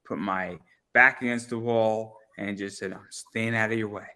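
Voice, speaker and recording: A man's voice: on the low side, fairly even intonation, moderate pace, bright, forceful tone. A man hosting a casual interview podcast, laughing often and swearing freely. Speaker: podcast host.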